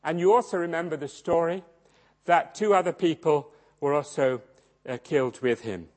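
A man preaching a sermon, swinging dramatically between loud emphasis and hushed low tones. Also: normal speed. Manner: acts out quoted voices in his storytelling.

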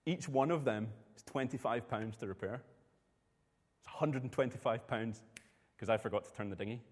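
A man's voice: medium pitch, normal speed, long reverb tail. A man preaching a sermon, telling a personal story in a conversational way.

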